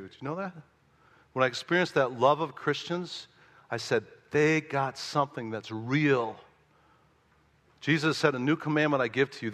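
A male pastor from Chicago preaching a sermon, telling stories in an animated way and acting out his own thoughts with rising emphasis. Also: medium pitch, in a large hall.

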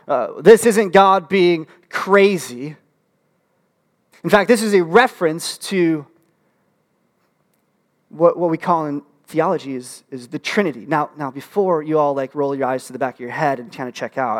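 A man preaching a sermon as pastor, animated and humorous, with frequent restarts and fillers. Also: on the high side. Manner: animated, humorous asides with rising excitement.

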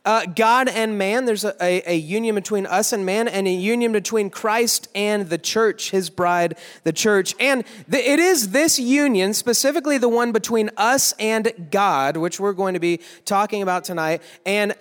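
A young man giving a joking youth sermon, teasing the crowd with quick asides in a large worship hall. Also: high voice, a bit bright, clean tone. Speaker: youth pastor. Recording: echoey hall.

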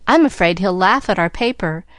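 A woman's voice: fairly low pitch, animated, normal speed, fairly bright tone, no room sound. A woman voicing an older girl who chairs a meeting, formal and a little anxious. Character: eldest sister presiding, anxious.

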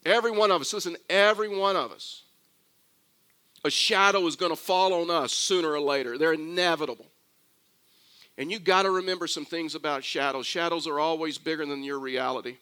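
An older man preaching a sermon, mixing scripture with a lively family story and conversational asides. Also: fairly high pitch, clean tone. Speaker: pastor.

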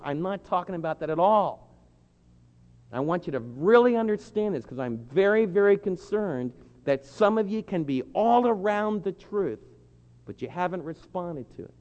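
A man preaching a sermon, earnest and pleading, slowing down to lean on key phrases. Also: fairly high pitch, darkish tone. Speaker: pastor. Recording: dull lo-fi with long hall reverb.

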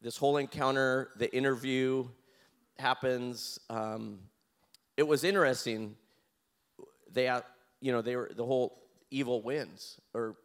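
A man as an interview guest, telling a personal story in an animated way, laughing and acting out his own lines. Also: medium pitch, measured pace.

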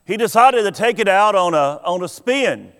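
A man preaching a sermon, telling a story slowly with deliberate pauses before drawing the moral. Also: high voice, lively intonation, a bit bright. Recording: long hall reverb.

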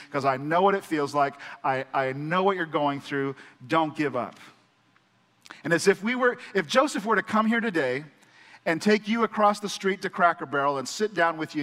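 A man's voice: a little high, a bit bright. A male pastor preaching a sermon in an earnest, conversational storytelling manner. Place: church. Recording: church hall with long reverb.

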